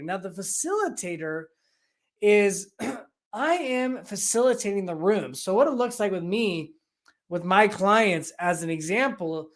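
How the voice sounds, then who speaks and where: A business coach giving an energetic, enthusiastic explanatory talk, full of rhetorical questions. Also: mid-range voice. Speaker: business coach and EOS implementer.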